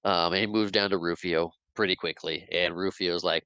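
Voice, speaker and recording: A man's voice: deep voice, expressive, a little fast, hardly any pauses, pushed and bright, dry recording, rough recording. A man casually recapping a film scene by scene on a podcast, rambling a bit and laughing often. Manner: rambling play-by-play retelling, acts out quotes, laughs often. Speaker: podcast host.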